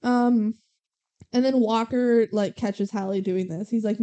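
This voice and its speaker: A young woman co-hosts a podcast, speaking in a warm, mid-range voice at a slightly slow pace. She casually walks through a movie scene by scene, quoting the characters and filling her talk with plenty of "like" and "um."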